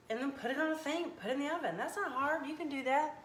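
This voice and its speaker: A woman's voice: high voice, fast. Chatty woman in an echoey kitchen. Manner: chatty, folksy, animated. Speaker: cooking livestream host. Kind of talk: casual live cooking chat, reading viewer comments. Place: home kitchen. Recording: echoey kitchen with faint background noise.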